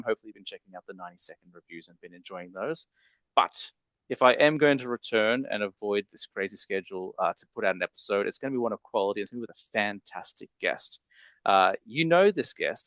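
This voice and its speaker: Low-voiced, upbeat male podcast host. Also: expressive, fast, a bit bright, no echo, low-quality recording. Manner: upbeat and chatty, with frequent ums and uhs. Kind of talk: casual podcast chat.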